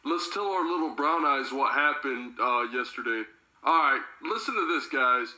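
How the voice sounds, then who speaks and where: A man's voice: mid-range voice, expressive, moderate pace, sharp tone, rough recording. A young man, a grandson, chatting and telling a story with his grandmother in a casual family video.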